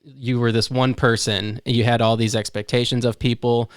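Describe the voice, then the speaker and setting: A man's voice: mid-range voice, flat delivery, moderate pace, clear, resonant tone, dry recording, studio quality. A man, hosting a podcast and reflecting thoughtfully on his guest's story. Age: 30s. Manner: thoughtful, encouraging, restarts phrases. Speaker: podcast host. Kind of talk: casual interview chat.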